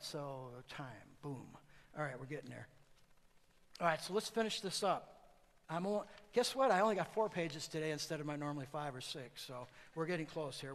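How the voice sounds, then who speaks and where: A pastor delivering a sermon to a congregation, moving between loud outbursts and hushed asides. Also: male voice, on the high side, long reverb tail, rough recording. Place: church sanctuary, also broadcast on TV.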